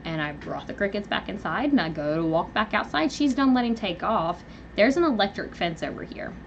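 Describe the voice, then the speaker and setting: A young woman hosting a live stream from home, rambling through an animated personal story with lots of fillers. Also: mid-range voice, highs cut off, slight background noise. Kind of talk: casual venting live chat. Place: at home, indoors.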